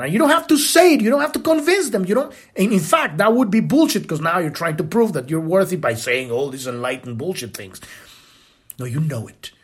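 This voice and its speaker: Animated, husky-voiced man teaching spirituality. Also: sits high, fairly quick. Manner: impassioned, casual, with blunt profanity. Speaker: podcast host.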